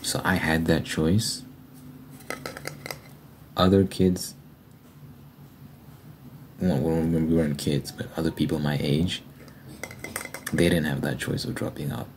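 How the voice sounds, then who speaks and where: A young man hosting an ASMR video, telling a rambling, candid story in a casual way and sometimes dropping to a soft near-whisper. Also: very deep voice, vocal fry, a little hiss or hum. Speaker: ASMR channel host. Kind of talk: casual storytelling over fast tapping ASMR. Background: fast tapping and typing sounds.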